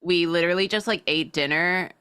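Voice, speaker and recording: Low-pitched, bright woman chatting casually. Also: fairly quick, clear, resonant tone. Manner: chatty, laughs often, filler-heavy. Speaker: co-host. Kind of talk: casual chat on a stream.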